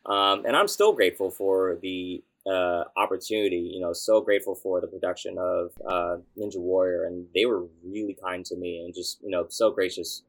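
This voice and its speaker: A young man, a youth pastor, telling a story in a casual interview, animated and excitable, with bursts of shouting. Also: deep voice, moderate pace, few pauses.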